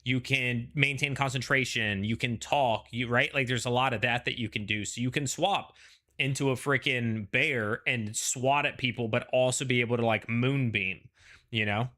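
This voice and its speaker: Male host, bright tone, loose chatty delivery with plenty of hedging. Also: mid-range voice, normal speed. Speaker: show host. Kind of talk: casual pre-show chat.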